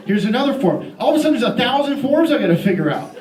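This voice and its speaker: A man doing character stand-up as an indignant ranting loudmouth, with many restarts. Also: high-pitched, sing-song, racing, hardly any pauses. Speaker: stand-up comedian. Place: live comedy venue. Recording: echoey live club recording from far off, crowd laughing.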